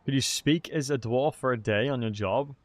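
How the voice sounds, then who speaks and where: A man's voice: mid-range voice, normal speed, dry recording. Guy chatting through his strategy game, mid voice, dry close mic. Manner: chatty, thinking aloud. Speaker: gaming streamer. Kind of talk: casual strategy game commentary.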